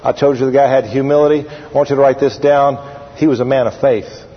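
A man preaching a sermon as pastor, animated and drawling, repeating phrases for emphasis. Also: mid-range voice, brisk, breathy edge. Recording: lo-fi recording with long hall reverb.

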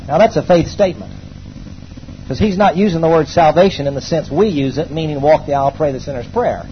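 A high-pitched man preaches to his congregation, pushing lines out loud and then dropping into quiet asides. He calls on the people to say things back to him. The recording sounds dull and a bit lo-fi, with a faint hiss underneath. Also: fairly quick. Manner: emphatic preaching, swinging from loud exclamations to low asides. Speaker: pastor. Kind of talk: sermon. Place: church hall before a congregation.

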